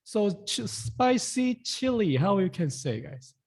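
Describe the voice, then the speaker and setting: A young man teaching a casual online language lesson, repeating words slowly and often asking his viewers "guys". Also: high-pitched, very animated, darkish tone, slightly rough.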